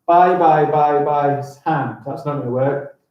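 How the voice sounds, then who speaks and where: A man teaching a primary school class on a live stream, enthusiastic and encouraging, reading lines slowly aloud as he counts them out. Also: on the high side, fairly even intonation, echoey room, dull audio.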